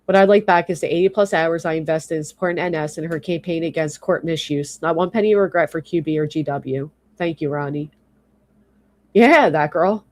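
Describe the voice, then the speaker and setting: Her voice fairly low and a little mellow, a YouTube streamer rants at normal speed about what's angering her. The profanity flows freely as her exasperation shows, yet she keeps pausing to thank commenters she reads from chat.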